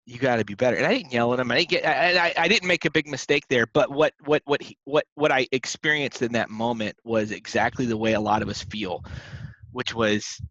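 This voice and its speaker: A man's voice: lowish voice, a bit bright, dry recording, muffled recording. A young man, a podcast co-host, talking about faith in an earnest, rambling way with many restarts. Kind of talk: casual faith talk.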